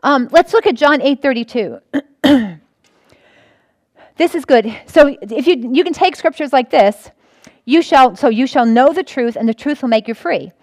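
A woman pastor delivers a teaching sermon in a high voice. She is earnest and circles back over her points again and again, restarting phrases as she goes. The sound is close and dry, with no room around it. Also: expressive, measured pace, long pauses, dry recording. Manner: earnest, repeats herself, frequent restarts.

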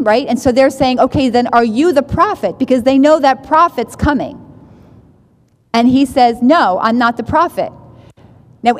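A woman leads a Bible study, reading verses and explaining them in a loose, conversational way, often circling back and checking in with her listeners. Her voice sits a little high, and a long reverb trails after her words as if she is in a large room. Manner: conversational, restarts phrases, asks "right?". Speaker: Bible teacher.

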